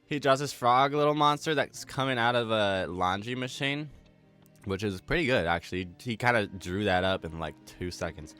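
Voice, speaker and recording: A man's voice: fairly low pitch, expressive, moderate pace, bright, forceful tone, clear, resonant tone, faint music behind. A man giving a casual, rambling recap of a TV horror episode, full of slang, swearing and fillers. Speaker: video commentator.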